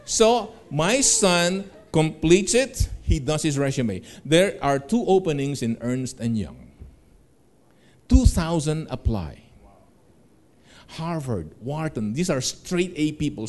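A man's voice: fairly high pitch, a little mellow. A middle-aged man giving a motivational seminar talk, telling stories animatedly, laughing along and acting out the voices of the people in them. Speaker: seminar speaker.

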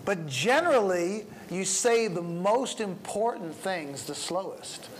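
Middle-aged man, pastor teaching, unhurried delivery, slightly high voice, faint room hiss. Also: expressive. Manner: varies pace and volume to demonstrate, chuckles. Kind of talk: teaching a preaching workshop.

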